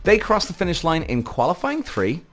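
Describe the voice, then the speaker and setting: A man's voice: a little high, wildly swooping pitch, normal speed, a bit bright, faint music behind. A man hosting a podcast, ranting heatedly with lots of swearing in casual commentary. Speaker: podcast host.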